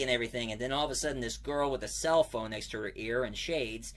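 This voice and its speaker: A man talks through a comic book review in a loose, casual way. His voice is bright and forward, and his pitch sits in the middle range. He drifts between points and keeps correcting himself mid-sentence. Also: quick pace, few pauses.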